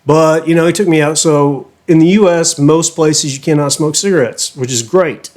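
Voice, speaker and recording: A man's voice: a little high, normal speed, darkish tone. A middle-aged man with a Southern American accent, hosting his own channel and telling stories in loose, profane casual chat, laughing often as he goes. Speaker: reaction channel host.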